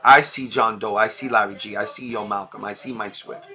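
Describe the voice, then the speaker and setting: A man's voice: on the low side, fairly even intonation, a little fast, pushed and bright. A middle-aged man talking emotionally on a livestream, blunt and full of street slang. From New York. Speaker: livestream host. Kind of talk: emotional casual livestream talk.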